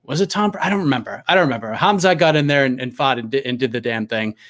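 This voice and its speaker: A man's voice: medium pitch, quick pace, fairly bright tone. A man talking as a guest journalist in a casual sports chat, musing and rambling with lots of "like". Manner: rambling, speculative, heavy on "like".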